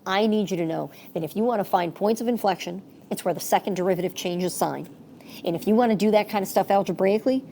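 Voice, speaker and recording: A woman's voice: mid-range voice, mellow, slight background noise. A woman teaching a math lesson in a chatty, playful way, correcting herself as she goes. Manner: chatty, self-correcting, playful sound effects.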